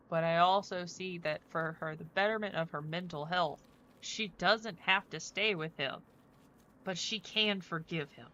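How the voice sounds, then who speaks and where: A woman's voice: fairly low pitch, measured pace, fairly bright tone, lo-fi sound. A woman streaming a game, chatting casually in a rambling way full of fillers. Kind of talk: casual chat while playing a game.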